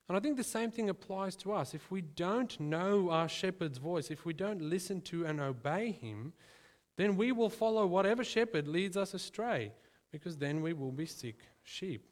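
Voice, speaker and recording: A man with a fairly high voice delivers a sermon in a church, speaking to his listeners as friends. He keeps it conversational and slows down to stress his points. The sound rings with the long reverb of a large hall. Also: expressive. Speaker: preacher.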